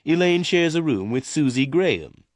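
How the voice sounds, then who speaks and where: A man's voice: fairly high pitch, very animated, normal speed, dry recording, studio quality, pitched above the performer's own voice. A man doing a stiff gray-haired lawyer. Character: middle-aged gray stiff male lawyer.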